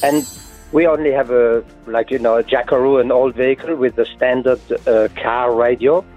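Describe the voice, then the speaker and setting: A man in his seventies from France with a French accent, calling in to a radio show, joking and halting with many fillers. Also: mid-range voice, fairly even intonation, faint music behind. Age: 70s. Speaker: caller. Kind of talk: casual phone chat. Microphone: phone. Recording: tinny phone line.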